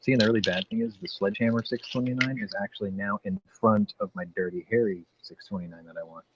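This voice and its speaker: A man's voice: lowish voice, fairly even intonation, fast talker. A man hosting a casual podcast chat, a rambling storyteller who swears freely. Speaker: podcast host. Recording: dull lo-fi audio with faint noise.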